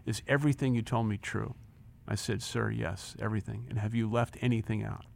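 Fairly quick and gravelly, with a voice on the low side, a man in his sixties relates a personal story as an interview guest. The former company chief animates the quoted dialogue and repeats words as he gets swept up.

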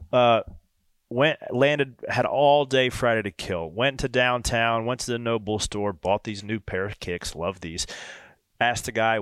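A man hosting a podcast, telling a casual story with lively quoted dialogue. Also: mid-range voice, clear, resonant tone, no echo, clean studio sound. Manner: animated anecdote with quoted dialogue. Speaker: podcast host.

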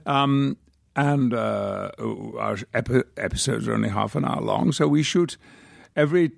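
An older man from the north of England, a guest actor telling anecdotes in a measured, articulate and wry manner. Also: medium pitch, creaky, dry recording, clean studio sound. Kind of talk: anecdotal interview storytelling.

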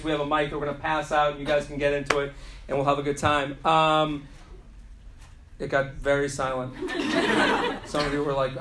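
A man hosting a comedy podcast live on a club stage, telling a story in an animated, joking way with plenty of swearing. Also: high-pitched. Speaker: podcast host. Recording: echoey club with audience noise.

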